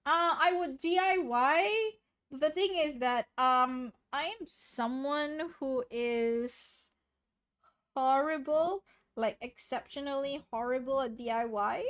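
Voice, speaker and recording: A woman hosting a livestream chats casually with viewers, giggly, rambling and self-deprecating, a bit sniffly from sneezing. Her high-pitched, slightly bright voice comes slowly through a desk mic with noise suppression.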